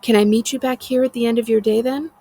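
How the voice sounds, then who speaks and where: A woman voicing a shunned young woman who speaks in a small, soft, pleading voice. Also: fairly high pitch, fairly even intonation, quick pace, pitched above the performer's own voice. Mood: timid.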